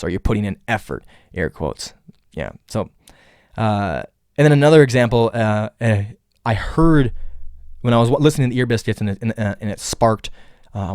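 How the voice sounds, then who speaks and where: A man hosting his own podcast, talking casually on his own, rambling and repeating words with many fillers, and acting out quoted lines in a higher voice. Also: darkish tone, dry recording, clean studio sound. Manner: acts out quoted dialogue in a raised voice. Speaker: podcast host. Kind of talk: casual solo podcast monologue.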